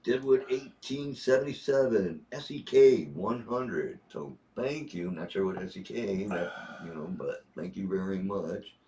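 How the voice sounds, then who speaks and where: A man in his sixties from Ohio with a deep bass voice, chatting casually and rambling through stories on a livestream. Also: lively intonation, unhurried, hardly any pauses, warm tone. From Northeast Ohio. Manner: rambling, easygoing storyteller. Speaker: guest on a livestream reading viewer messages.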